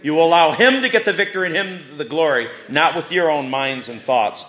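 A man's voice: on the high side, expressive, a little fast, fairly bright tone. Earnest male preacher in a roomy hall. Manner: earnest preaching, rising to fervent emphasis. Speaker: pastor. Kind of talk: sermon and prayer. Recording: roomy, slightly dull sound.

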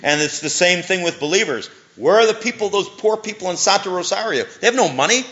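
A man's voice: sits high, lively intonation, fast, a bit bright. A man preaching a sermon and leading prayer, earnest, with rising bursts of fervent emphasis. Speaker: pastor. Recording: roomy, slightly dull sound.

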